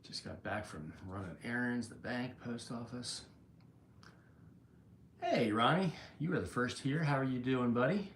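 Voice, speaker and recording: A man's voice: mid-range voice, unhurried, fairly bright tone, roomy sound, a little hiss or hum. A man hosting a casual livestream, greeting viewers by name while out of breath and rambling through restarts. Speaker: livestream host.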